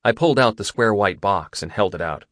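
A man narrating a first-person romance novel in a steady, intimate storytelling manner. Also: fairly low pitch, a little fast, no echo. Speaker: audiobook narrator.

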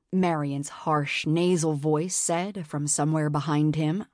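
A woman narrating a novel in a measured, expressive audiobook style. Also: low voice, dry recording, studio quality. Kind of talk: scripted narration.

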